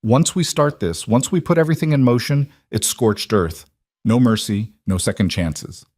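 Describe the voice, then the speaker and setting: A man's voice: mid-range voice, moderate pace, darkish tone, no room sound, close to an everyday voice. A man voicing a blunt, hardened young mafia man who speaks tersely and steadily. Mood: grim.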